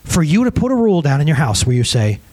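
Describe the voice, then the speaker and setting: A man's voice: on the high side, quick pace. A man preaching a sermon as pastor and counselor, talking animatedly to the congregation and acting out the conversations he quotes. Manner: animated, addresses the congregation as "guys".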